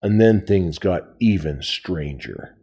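A man reads a novel aloud in a low voice, taking his time. He tells it in the first person, like a storyteller. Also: lively intonation, slow pace, mellow, husky. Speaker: reader. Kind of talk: audiobook reading of a novel.

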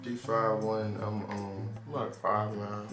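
A man's voice: fairly low pitch, level tone, slow pace. A young man in his twenties, chatting casually next to his girlfriend, laid-back and slangy, trading jokes with her. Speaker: vlogger's boyfriend. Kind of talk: casual couple Q&A chat. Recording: echoey room with music behind.

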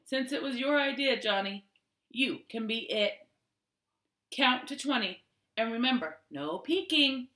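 A woman's voice: on the high side, expressive, unhurried, sharp tone, roomy sound. Woman reading as a prim young girl.

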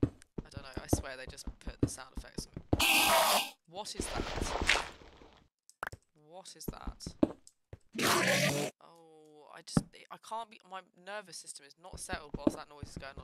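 A woman's voice: low voice, unhurried, pauses often. A young woman giving nervous, jumpy commentary while playing a video game at home, talking to herself and swearing. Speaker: gaming streamer. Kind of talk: casual gameplay commentary. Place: home room at a computer. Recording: loud background noise.

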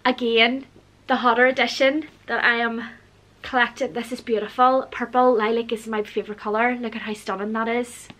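A woman, gushing excitedly through a casual gift unboxing vlog as a book vlogger. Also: fairly high pitch, normal speed. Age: 40s. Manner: gushing and excitable, frequent gasps and squeals.

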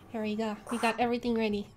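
Goofy high-voiced young woman gamer. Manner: goofy, joking, laughs often. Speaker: co-op horror gaming streamer. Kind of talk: casual gaming banter.

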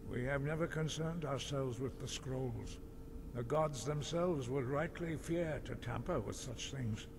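A solemn old monk. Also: male voice, medium pitch, a little slow, creaky, a crowd in the background. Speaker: game character. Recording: game audio with loud ambience.

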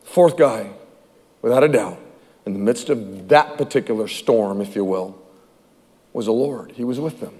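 A man preaching a sermon as pastor, telling stories with lively, repetitive phrasing, recorded in a reverberant church hall. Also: fairly low pitch, normal speed, pauses often, husky. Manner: animated storytelling with repeated phrases.

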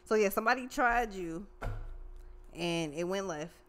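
A woman's voice: mid-range voice, unhurried, fairly bright tone. A woman doing a casual tarot reading, profane and slangy, talking animatedly straight to the viewer. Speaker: tarot reader.

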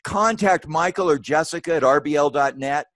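A man's voice: moderate pace, fairly bright tone, no room sound. An older man speaks as a guest presenter on a webinar, earnest and emphatic. His voice leaps upward whenever he drives a point home. The sound is close and dry, with no room around it. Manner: emphatic, earnest, with sudden rises in pitch when stressing points. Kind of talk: presentation and discussion.

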